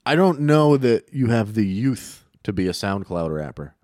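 A man in casual comedic banter, deadpan and teasing, riffing on silly bits. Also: lowish voice, normal speed, no echo, clean studio sound.

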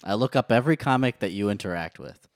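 A man's voice: on the low side, expressive, fast, no room sound, clean studio sound. A man co-hosting a comedy podcast, bantering in a playful, mock-outraged way. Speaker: podcast co-host. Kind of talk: casual comedy podcast chat.

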